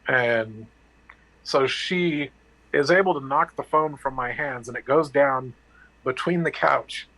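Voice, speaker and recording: A man's voice: mid-range voice, pushed and bright, poor audio. A man candidly telling a personal story, blunt and profane, acting out the dialogue and restarting his sentences. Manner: halting with restarts and fillers.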